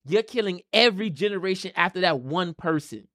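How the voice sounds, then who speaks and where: A man's voice: high-pitched, lively intonation, a little fast, bright, forceful tone, no echo, studio quality. A man on a podcast making his point with emphatic, preachy repetition. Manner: emphatic, preachy, repeats key phrases. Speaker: podcast co-host. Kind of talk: casual podcast discussion.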